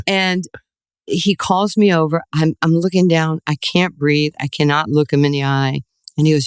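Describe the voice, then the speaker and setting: Older woman, sixties, from new york, animated storyteller, dry close sound. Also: on the low side, normal speed, no room sound. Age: 60s. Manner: animated storyteller, acts out quoted voices, laughs often. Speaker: guest, former basketball player. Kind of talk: storytelling interview.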